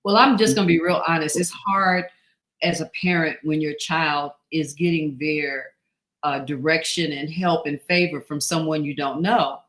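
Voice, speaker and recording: A woman's voice: low-pitched, fairly even intonation, normal speed, a bit bright. A woman hosting a casual live talk with her grown daughter. She reads out viewer messages and speaks in an earnest, affirming way, often trailing off mid-sentence. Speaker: host, mother of guest.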